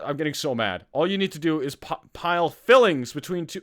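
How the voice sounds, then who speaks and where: A man's voice: a little high, animated, fairly quick, a bit bright. A young man from Canada hosting a casual live-streamed podcast, worked up and ranting with lots of swearing. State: sweating. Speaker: podcast host.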